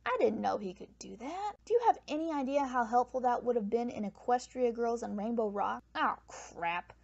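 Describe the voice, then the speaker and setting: A woman's voice: fairly high pitch, expressive, moderate pace, creaky, darkish tone. A woman hosting a comedic cartoon review, making wry, sarcastic asides. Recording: dull lo-fi mic with faint hiss.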